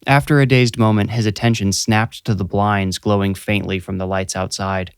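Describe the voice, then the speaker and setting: A young man tells a scripted first-person horror story, steady and measured. His voice sits low, and the close studio mic gives it a dry sound with no room. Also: clear, resonant tone, no echo. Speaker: narrator and writer.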